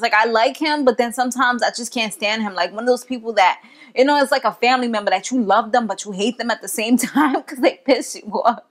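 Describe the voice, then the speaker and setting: A woman's voice: fairly high pitch, a little fast. A young woman giving a casual, slangy recap of a TV episode, chatting and laughing as she goes. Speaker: TV show reviewer.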